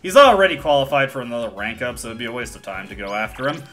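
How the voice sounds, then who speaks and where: A man's voice: mid-range voice, animated, fast, a bit bright. An American man hosting a let's play, casually explaining game mechanics with wry asides. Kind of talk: video game commentary.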